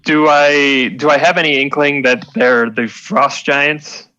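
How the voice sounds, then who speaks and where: A man's voice: on the high side, steady tone, measured pace, lo-fi sound, a crowd in the background. A man playing a tabletop game, asking the game master curious questions. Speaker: player.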